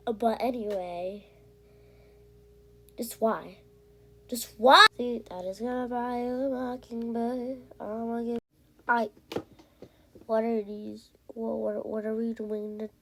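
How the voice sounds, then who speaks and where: A woman giving casual, rambling commentary while she plays a game, breathing heavily and getting excited easily. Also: a little high, takes it slowly, long pauses, a little hiss or hum. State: heavy breathing. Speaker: gamer. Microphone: iPad.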